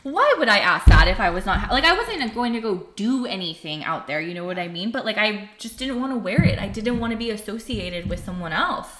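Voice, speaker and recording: A woman's voice: mid-range voice, big pitch swings, brisk, hardly any pauses, fairly bright tone. A young woman telling a personal story in casual chat, candid and profane, saying "like" constantly. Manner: candid, profane, heavy use of "like". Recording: roomy echo.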